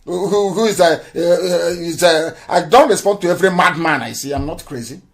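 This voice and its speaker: A man hosts a live call-in broadcast in a defiant, boastful way and drives his points home with emphasis. His voice sits fairly high for a man. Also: a little fast. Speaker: call-in show host.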